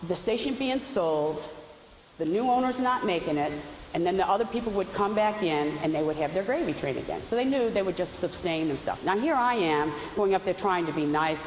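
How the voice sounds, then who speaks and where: A woman giving a chatty faith testimony, telling stories with loose asides. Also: fairly low pitch. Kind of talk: storytelling testimony talk. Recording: roomy hall with faint hiss.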